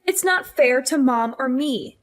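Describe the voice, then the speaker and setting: A woman's voice: sits high, animated, a little slow. A woman voicing a self-righteous older sister, a married mother, who nags and lectures in a scripted story drama. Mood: nagging. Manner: nagging, lecturing.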